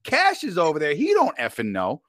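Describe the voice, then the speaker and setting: A man tells a story as a podcast guest in a casual, slangy way, keeps checking in with his listener. His voice sits a bit high and swings widely as he gets worked up. The sound is dry and close, with no room around it. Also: brisk, no room sound. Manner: animated, slangy, keeps saying "bro" and "you know what I mean".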